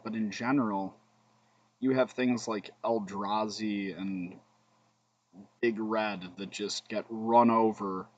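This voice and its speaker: Streaming a card game, a man with a fairly low voice thinks aloud between plays, humming and muttering while joking with his chat. The audio has its highs cut off, and the talk is casual gameplay commentary.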